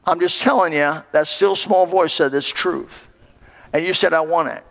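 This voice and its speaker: Impassioned preacher with a gravelly, high voice. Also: male voice, steady tone, moderate pace, a bit bright, in a large hall. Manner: impassioned preaching, rising and falling emphasis. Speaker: pastor. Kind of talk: sermon. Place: church sanctuary.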